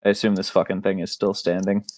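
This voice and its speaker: A man with a very low voice plays in a tabletop game, describing his character's attacks in loose, casual speech. The sound is dry and close, with no room echo. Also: little pitch movement, fast, a little mellow. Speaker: player.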